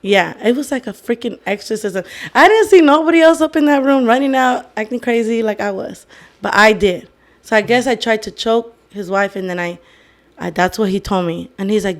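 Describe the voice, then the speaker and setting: A woman speaking as a podcast guest at an ordinary middle pitch, telling her story casually. She talks candidly and swears freely. She sometimes drops into Spanish mid-sentence. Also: a little fast.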